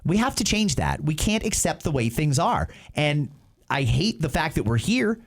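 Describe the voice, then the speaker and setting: A man's voice: a little high, big pitch swings, normal speed. A man from Canada hosting a talk show, giving passionate, emphatic political commentary. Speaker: show host. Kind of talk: opinionated talk show discussion.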